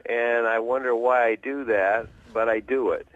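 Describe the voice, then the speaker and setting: A middle-aged man phones in to a radio advice show, speaking hesitantly and thoughtfully with lots of fillers and restarts. His voice is mid-range, fairly even in intonation, at a moderate pace, and the phone line sounds tinny and dry.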